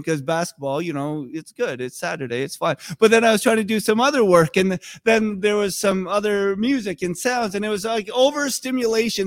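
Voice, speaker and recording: An American man preaching a sermon as pastor, telling the story with animated acted-out quotes. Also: high-pitched, no echo, studio quality.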